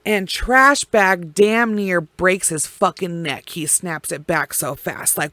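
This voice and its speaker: A woman recounts a true crime case in a slow, unhurried way, letting long pauses hang between her words. Her talk is blunt and profane. The sound is close and dry, with no room behind her. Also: lowish voice, sharp tone, no echo. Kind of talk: casual true crime storytelling.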